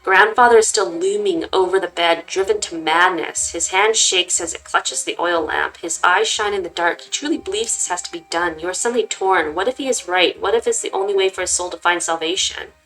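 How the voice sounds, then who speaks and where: A woman reading a text-based game aloud in an expressive way and stopping to make casual remarks. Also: lowish voice, brisk, soft background music, low-quality recording. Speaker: gaming channel host. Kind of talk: reading a visual novel aloud with comments.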